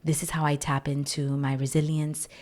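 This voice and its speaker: A woman hosting a personal podcast, speaking earnestly and repeating key phrases, sometimes softening almost to a whisper. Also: sits low, little pitch movement, moderate pace. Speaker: podcast host. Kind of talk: personal reflective podcast talk.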